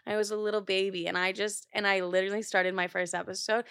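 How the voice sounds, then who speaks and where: A woman's voice: medium pitch, flat delivery, fast talker, fairly bright tone, clean tone, no echo. A woman in her twenties hosting a podcast from a studio, chatting candidly and swearing casually. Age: 20s. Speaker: podcast host. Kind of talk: casual chat.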